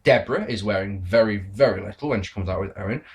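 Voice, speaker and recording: A man reviewing an old wrestling event with sarcastic, swearing, animated rants. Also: on the low side, fast.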